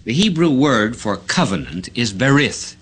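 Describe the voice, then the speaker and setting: A man delivering a sermon, who swells to loud emphasis and then drops to a whisper. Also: mid-range voice, big pitch swings, a little slow, husky. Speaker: preacher.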